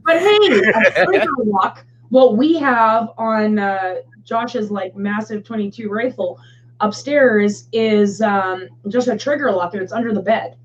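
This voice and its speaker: A woman's voice: mid-range voice, a little slow. A woman co-hosting a casual live chat, blunt and chatty, swearing freely. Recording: dull lo-fi stream audio with faint noise.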